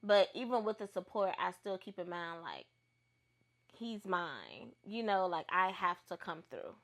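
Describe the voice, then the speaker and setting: Bright-voiced young mom on a podcast. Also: female voice, fairly low pitch, a little slow. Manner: animated storyteller, bursts of laughter. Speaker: podcast co-host. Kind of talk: casual chat.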